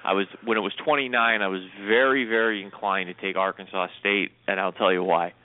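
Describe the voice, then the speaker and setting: A man's voice: lowish voice, fairly even intonation, fairly quick. A man co-hosting a sports talk show, giving his picks in a chatty, hedging way. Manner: talkative, hedging with "I mean" and "you know". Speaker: co-host making picks. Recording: phone-like call-in line.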